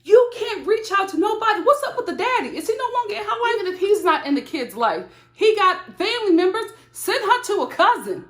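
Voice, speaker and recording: A woman reviewing a reality TV show in casual commentary to the camera, animated and exclaiming in disbelief, recorded in a room at home. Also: extremely high pitch, brisk, hardly any pauses. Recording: roomy echo.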